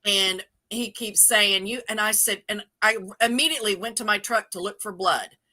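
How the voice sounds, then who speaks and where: A woman's voice: mid-range voice, moderate pace. Brassy woman telling a story. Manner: storytelling, swears freely, animated. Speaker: show host. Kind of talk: casual livestream chat.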